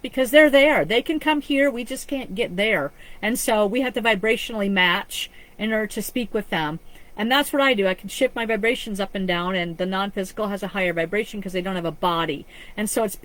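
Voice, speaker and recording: A woman psychic medium gives a live-streamed reading, choked up with emotion as she talks earnestly and rambles with frequent restarts. Her voice is mid-range, and the audio is poor.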